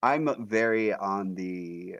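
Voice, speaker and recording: Low animated male player, dry mic. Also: slow pace, dry recording, dull audio. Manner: animated, laughing, jokey. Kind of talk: casual tabletop play.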